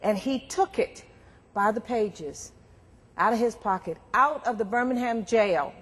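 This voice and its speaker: A woman giving a storytelling lecture at a university, animated and acting out the people she quotes. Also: on the high side, unhurried. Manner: animated, acts out quoted voices. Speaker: guest speaker. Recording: long hall reverb.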